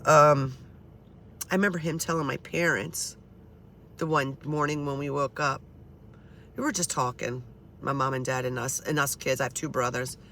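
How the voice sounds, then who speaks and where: Chatty, foul-mouthed woman storyteller with a bright, forceful tone. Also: very deep voice, steady tone, normal speed, long pauses, a little hiss or hum. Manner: blunt, swears freely, chatty. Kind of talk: casual storytelling.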